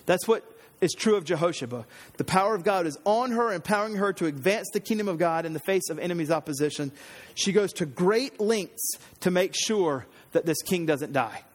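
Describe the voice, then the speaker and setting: A man in his thirties preaching a sermon, telling a family story in an animated way and acting out the voices. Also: high voice, fairly quick. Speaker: pastor. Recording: long hall reverb.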